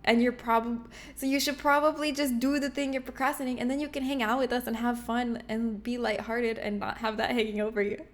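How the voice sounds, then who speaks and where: A woman's voice: fairly high pitch, little pitch movement, brisk, hardly any pauses. A woman game streamer chatting casually and playfully with her viewers, often giggling. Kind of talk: casual livestream chat with viewers.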